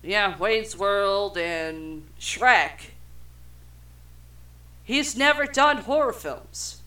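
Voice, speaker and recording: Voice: medium pitch, animated, extremely slow, pushed and bright. A young adult podcast co-host reading film trivia aloud in casual chat, swearing freely and stumbling over words.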